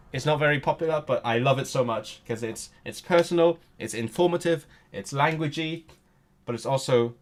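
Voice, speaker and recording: A young man hosting a casual language-learning live stream, reacting to chat, often restarting his sentences and trying out halting Turkish and Welsh phrases. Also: mid-range voice, fairly bright tone.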